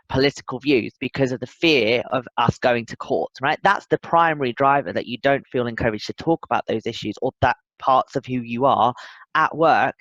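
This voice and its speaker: A man's voice: medium pitch, fairly bright tone, no room sound. A man as a podcast guest, talking earnestly and thoughtfully in casual interview chat, often restarting his sentences. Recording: dull, lo-fi, dry sound.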